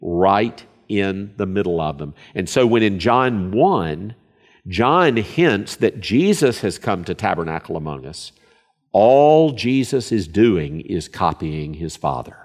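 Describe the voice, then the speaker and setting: A man's voice: deep voice, sing-song, slow. A man preaching a sermon, earnest and emphatic, often repeating phrases for stress.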